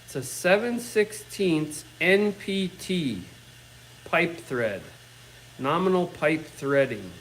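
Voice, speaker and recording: A man's voice: on the high side, lively intonation, slow, fairly bright tone, slight background noise, low-quality recording. A middle-aged man in his own workshop, ranting bluntly and swearing constantly in casual talk. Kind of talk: casual rant.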